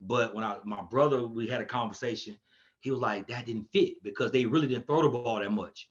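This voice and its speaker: Guy telling old football stories, gets loud doing other people's lines, kinda muffled lo-fi audio. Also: mid-range voice, fairly quick, slight background noise. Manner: animated, acts out quotes in a raised voice. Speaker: podcast guest, coach. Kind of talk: casual storytelling chat.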